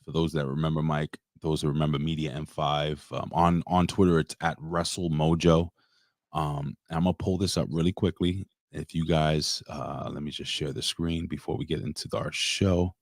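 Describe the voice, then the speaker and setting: Male co-host, very low voice, dry close sound, halting and emotional. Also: steady tone, no room sound. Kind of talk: casual livestream chat.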